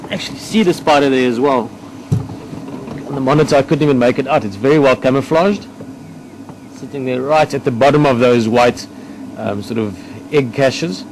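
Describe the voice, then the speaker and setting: Casting note: man, mid-pitched, field guide talking through a find outdoors, pausing to search for words, steady noise behind him. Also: low-quality recording. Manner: thoughtful, hesitant, explaining as he looks. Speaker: nature guide. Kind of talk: casual on-location nature commentary. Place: outdoors in the bush near a vehicle.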